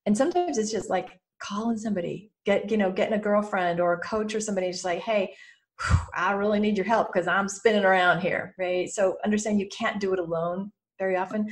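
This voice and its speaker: A woman in her fifties talks as a guest on a podcast, animated and expressive. She keeps jumping into the worried voices in people's heads to show what she means. Her pitch sits in a middle range. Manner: lively, acting out anxious inner voices. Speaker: guest mentor. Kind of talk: podcast interview.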